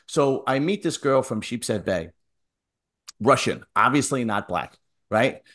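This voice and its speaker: A man's voice: mid-range voice, lively intonation, measured pace, fairly bright tone. A man telling a rambling crude story in casual chat, checking in with "right?" as he goes.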